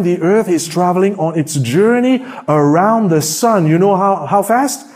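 A man preaching a sermon with slides, firing rhetorical questions at the congregation and swinging between loud exclaiming and hushed low tones. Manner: emphatic, asks the congregation many rhetorical questions.

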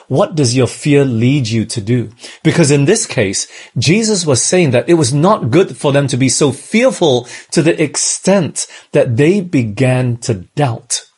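An Australian man with a medium-pitched, slightly mellow, husky voice preaches at a church in Malaysia. His sermon is conversational, and he frequently checks in with the listeners.

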